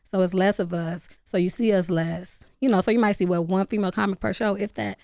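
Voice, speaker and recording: A woman in her late thirties, a comedian guest chatting on a radio show, loud and laughing, swearing freely. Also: medium pitch, steady tone, brisk, gravelly, dry recording, studio quality. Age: 30s. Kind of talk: casual radio interview chat.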